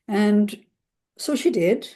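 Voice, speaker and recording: A woman therapist recounting a client's story in a relaxed conversational way, acting out the quoted voices with lively emphasis. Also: mid-range voice, takes it slowly.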